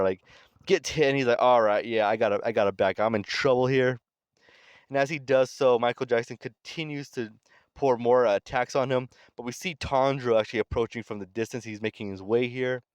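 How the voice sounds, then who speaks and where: A man casually recapping a comic story in relaxed, conversational commentary. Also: mid-range voice, clear, resonant tone, no echo. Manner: relaxed, conversational, reads characters' lines aloud in his own voice. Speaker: manga recap channel host.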